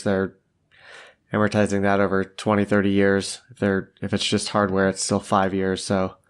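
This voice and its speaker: A man co-hosting a tech podcast with a stuffy cold, speaking in halting, restarting sentences. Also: lowish voice. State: stuffy, under the weather. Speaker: podcast co-host. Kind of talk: casual tech podcast chat.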